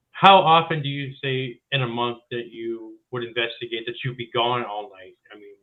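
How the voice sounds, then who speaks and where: A man at a middle pitch asks questions as interview host, his voice thin and narrow as if heard over a phone line. He fills the pauses with quick words of agreement. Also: fairly even intonation. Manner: frequent short affirmations. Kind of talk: casual interview. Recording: tinny phone-line sound.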